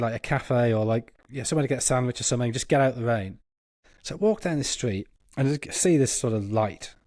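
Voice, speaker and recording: Podcast panelist, lively storyteller, higher-pitched, close and dry. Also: male voice, no room sound. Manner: animated, laughing as he tells a story. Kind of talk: anecdotal storytelling.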